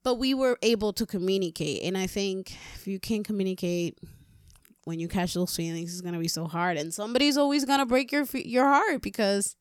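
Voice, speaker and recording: A woman's voice: mid-range voice, a little fast, smooth, no echo, clean studio sound. A woman co-hosting a casual podcast chat, frank and laid-back, laughing easily. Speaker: podcast co-host.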